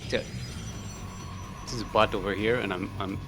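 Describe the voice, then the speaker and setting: A man's voice: on the low side, steady tone, moderate pace, music in the background. A man casting a live strategy-game tournament, rambling and jokey, chuckling often, with many fillers. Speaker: esports caster.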